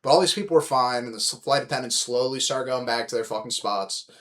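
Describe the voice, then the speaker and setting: Brief: podcast host, man, loose animated storyteller, heavy swearing, average pitch. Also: fast. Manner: animated, profane, rambling with many "like" fillers. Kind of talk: casual storytelling chat.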